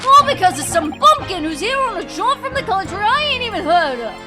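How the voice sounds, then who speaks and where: A woman doing a gruff, impatient London inspector. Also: very high voice, very animated, fairly quick, over music, pitched above the performer's own voice. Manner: fumbling put-on British accent slipping into Brooklyn.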